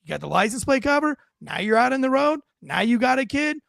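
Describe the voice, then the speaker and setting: A man's voice: extremely high pitch, very animated, fairly quick, gravelly, fairly bright tone, dry recording, clean studio sound. A man hosting a podcast, talking through a video clip in emphatic, casual commentary with frequent fillers. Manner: emphatic, punchy, with many fillers. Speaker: podcast host.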